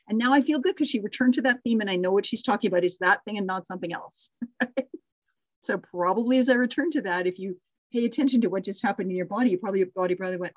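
A woman's voice: mid-range voice, fast talker, no echo, lo-fi sound. A middle-aged woman leading a live online class on storytelling, praising students and thinking aloud with restarts and small laughs. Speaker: course instructor.

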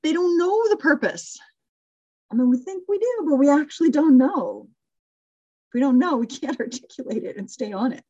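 A woman's voice: sits high, lively intonation, normal speed, dark tone, no room sound, highs cut off. A middle-aged woman leading a live online class on storytelling, praising students and thinking aloud with restarts and small laughs. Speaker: course instructor.

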